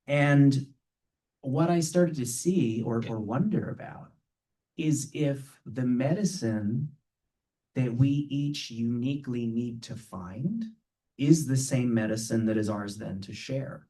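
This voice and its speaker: A man with a lowish, mellow voice gives an earnest spiritual talk, playful and conversational as he keeps checking in with his listeners. He sounds set back from the microphone, so the room comes through a little. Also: distant mic. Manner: playful, earnest, with frequent rhetorical "right?". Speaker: spiritual teacher giving a talk.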